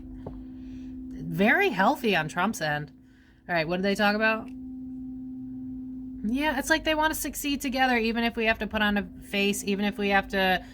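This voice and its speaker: Woman psychic, chatty unscripted reading, mid pitch, loose and rambling, light room hum. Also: fairly bright tone. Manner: rambling, swears casually, many fillers. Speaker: psychic reader. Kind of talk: casual psychic reading monologue.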